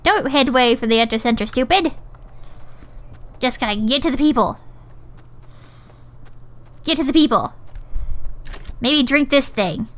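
A woman's voice: high voice, lively intonation, measured pace, long pauses, bright, forceful tone. A woman talking to herself while playing a shooter game, muttering, swearing and getting exasperated. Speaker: gamer. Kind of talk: gameplay commentary.

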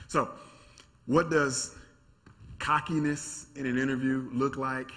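A man speaks to a live audience in a church room with an energetic, demonstrative delivery. He acts out little scenes and keeps asking rhetorical questions. His voice sits at an ordinary middle pitch for a man. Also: a little slow. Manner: animated, acts out quotes and asks rhetorical questions. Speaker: workshop speaker. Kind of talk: interactive teaching talk.

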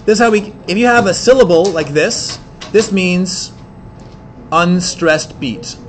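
A man teaching an English class, explaining in quick bursts with many fillers and restarts. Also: sits high, lively intonation, faint music behind. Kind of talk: classroom lecture.

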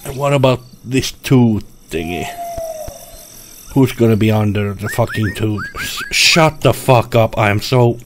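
A man's voice: medium pitch, wildly swooping pitch, unhurried, a little hiss or hum. A man commentating his own gameplay, talking to himself, frustrated and swearing often. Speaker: gameplay streamer. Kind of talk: let's play commentary.

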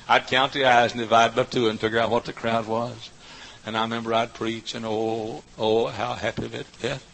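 A man preaching a sermon, going from quiet storytelling to high shouted peaks. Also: gravelly, breathy edge, rough recording. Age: older. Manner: fiery, swings from soft talk to high shouts. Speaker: pastor.

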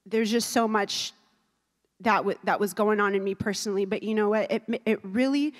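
A woman giving an emotional sermon, earnest and building to fervent preaching, with tearful moments. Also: medium pitch. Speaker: youth speaker. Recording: reverberant hall.

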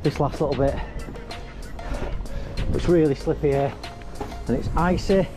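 A man's voice: fairly high pitch, measured pace, music in the background. A man vlogging outdoors on a rocky mountain as he climbs, talking chattily to an action camera while cold and working hard. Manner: chatty, self-deprecating, exclaims while climbing. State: cold, exerting himself climbing. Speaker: hiking vlogger. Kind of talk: breathless on-the-go commentary. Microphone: handheld or body-mounted action camera.

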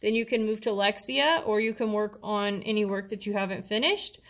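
A woman's voice: mid-range voice, normal speed. A woman teacher, patiently explaining a worksheet step by step to her students. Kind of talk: classroom instruction video.

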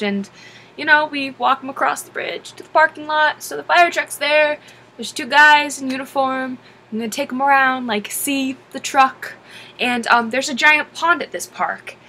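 A woman in her twenties telling a story in animated storytime narration, exasperated and lively, acting out her own lines. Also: fairly high pitch.

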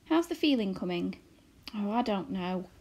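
A woman's voice: medium pitch, lively intonation, moderate pace, mellow. A woman reading aloud and voicing a restless young borrower girl who speaks in an earnest, pleading way. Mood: sulky.

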